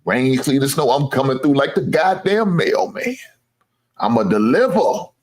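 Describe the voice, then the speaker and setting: A man fronts a sports show with an unhurried, mid-range voice and lively intonation, trash-talking casually to his audience. He brags, needles, curses freely and laughs at his own jokes.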